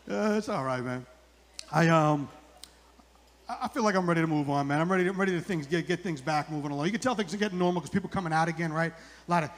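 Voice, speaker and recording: A man's voice: high-pitched, a bit bright, slight background noise. A middle-aged man doing a rambling stand-up comedy set on a club stage, repeating his lines for the punch.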